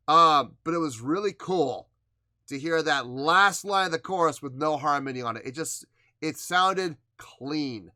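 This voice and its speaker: A music reaction channel host breaks down what he just heard, talking casually and emphatically and sometimes playfully defiant. His voice is on the high side, pushed and bright, recorded at studio quality with no room sound.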